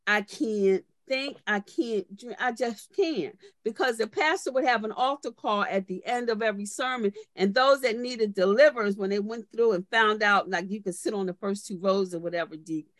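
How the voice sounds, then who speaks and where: A woman's voice: medium pitch, a little fast, few pauses, no echo. A woman pastor delivering a sermon, moving from conversational storytelling to fervent preaching and calling out to members of her congregation by name.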